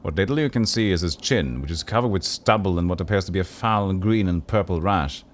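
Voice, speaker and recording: A man's voice: low-pitched, fairly quick. A man streaming a story game, reading the narration and joking with his chat in a self-deprecating way. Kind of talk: reading a game aloud on a livestream, chatting with viewers.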